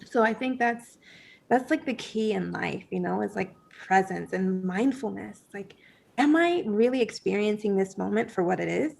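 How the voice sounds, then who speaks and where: A woman guest on a podcast telling a personal story in a casual, animated way, full of fillers and acted-out thoughts. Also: mid-range voice, moderate pace, creaky. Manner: animated, many fillers, acts out her own past thoughts.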